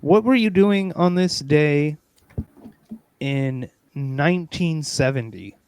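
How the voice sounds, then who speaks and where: A male podcast host with a fairly high, clear, resonant voice speaks in an unhurried, drawn-out way, playful and mock-earnest, breaking into loud excited bursts. The recording is dry and close with no echo, in a casual comedic chat.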